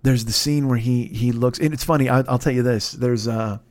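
A man tells a casual story on his podcast. His voice sits at a middle pitch and sounds dry and close to the mic. He rambles, swears freely, restarts his sentences and mocks himself as he goes. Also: fairly even intonation, normal speed, darkish tone, no echo. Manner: profane, rambling, self-mocking, many restarts. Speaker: podcast host.

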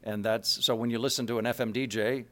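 A man from Kansas City, a voice actor, chatting in an interview with rambling, halting sentences full of restarts and asides. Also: medium pitch, level tone, pushed and bright. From Kansas City, USA. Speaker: voice actor guest. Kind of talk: casual interview chat.

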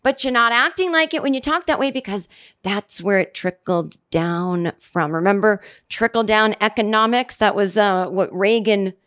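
A middle-aged woman hosts her own comedy podcast alone at a studio microphone. She rambles from thought to thought with dry sarcasm, breaking off for self-deprecating asides. Her pitch sits squarely in the ordinary middle for a woman. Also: expressive, moderate pace, fairly bright tone. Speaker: podcast host. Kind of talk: solo comedic podcast monologue.

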